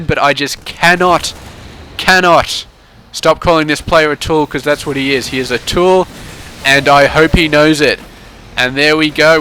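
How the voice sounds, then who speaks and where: A man's voice: a little high, sharp tone, a little hiss or hum. A man, casting a strategy game replay in a laid-back, sarcastic way. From Australia. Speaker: game caster. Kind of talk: casual replay commentary.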